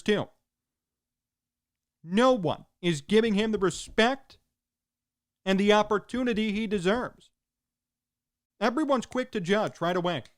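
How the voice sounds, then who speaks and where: A man hosting a sports talk show, delivering an emphatic opinion monologue in punchy, repeated short sentences. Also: high-pitched.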